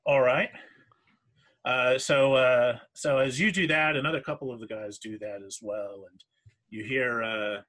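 Acting as game master for a tabletop game, a man narrates haltingly, with lots of fillers and restarts. His husky, slightly breathy voice sits at an ordinary middle pitch and has a fairly bright tone.

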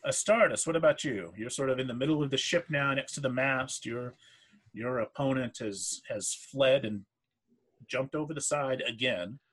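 A man runs a tabletop game as its game master, his voice husky and a little breathy. He narrates haltingly, full of fillers and restarts, at an ordinary middle pitch. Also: a bit bright.

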